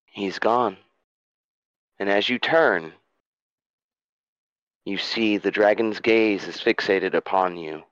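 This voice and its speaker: A man narrates a fantasy scene as game master, in a low voice and an unhurried, dramatic delivery. The recording is dry and somewhat dull. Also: a bit bright, dry recording.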